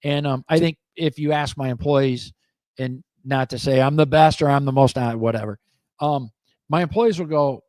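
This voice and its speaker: A man's voice: medium pitch, normal speed, dry recording. Blunt middle-aged man, dry studio mic. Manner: blunt, animated, acts out quoted people. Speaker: co-host and business owner. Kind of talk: casual opinionated talk show chat.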